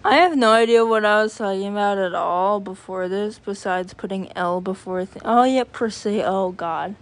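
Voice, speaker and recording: A woman's voice: mid-range voice, normal speed. A woman hosting her own channel, chatting in a casual, rambling monologue full of filler words and restarts. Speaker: channel host.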